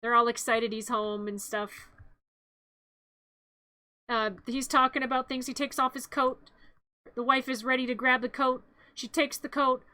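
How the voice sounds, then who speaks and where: A woman's voice: high voice, level tone, a little slow, pauses often, bright, forceful tone, clear, resonant tone, no echo. A woman streamer playfully narrating a comedy movie recap, rambling and interrupting herself.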